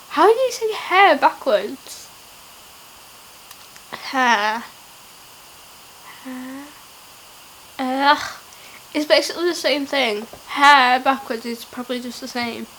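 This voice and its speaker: A woman's voice: high-pitched, fairly bright tone, slight background noise, poor audio. A young woman vlogging in a casual, playful and giggly way, often laughing at herself. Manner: giggly, playful, self-mocking. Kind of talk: casual challenge vlog.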